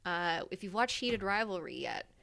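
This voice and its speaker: A woman's voice: medium pitch, sing-song, normal speed, vocal fry, bright, forceful tone. Young adult woman, live stream host, casual chat, laughs a lot, swears freely.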